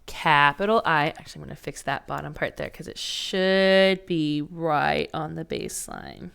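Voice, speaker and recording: A woman's voice: deep voice, very animated, moderate pace, gravelly, a bit bright, clear, resonant tone. A woman teaching a first grade phonics lesson, patiently sounding out letters and words for young children.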